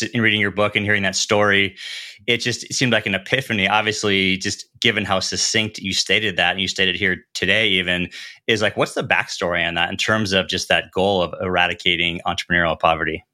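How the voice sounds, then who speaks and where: Podcast host guy, lowish voice but bright and punchy, quick friendly questions. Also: steady tone. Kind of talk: scripted intro, then interview questions.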